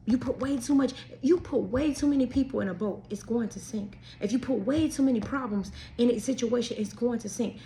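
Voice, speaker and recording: A woman's voice: a little high, brisk, hardly any pauses, mellow. A middle-aged woman hosting a talk show, speaking candidly and preachily about faith, family and marriage, sometimes dropping to a near whisper for asides. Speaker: podcast host. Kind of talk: personal faith-based talk. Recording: faint background noise.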